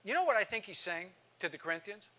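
Passionate bright-voiced man in his sixties. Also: high voice, very animated, fast talker. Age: 60s. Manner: passionate, swings from soft to loud when reading scripture. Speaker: Bible teacher. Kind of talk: sermon-style Bible lesson.

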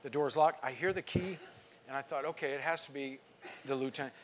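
A man preaching a sermon to his congregation, telling a personal story and swinging from quiet asides to emphatic outbursts. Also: mid-range voice, brisk, slight background noise. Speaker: pastor.

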